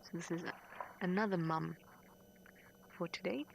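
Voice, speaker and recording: Female safari guide, low gravelly voice, soft and hushed, faint outdoor noise. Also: moderate pace, rough recording. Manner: hushed and patient, waiting quietly at a den. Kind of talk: live wildlife commentary. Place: outdoors at a hyena den.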